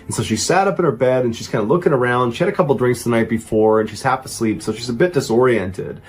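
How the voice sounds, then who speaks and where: A man telling a true crime story as host, with animated, dramatic emphasis. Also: medium pitch, fast talker.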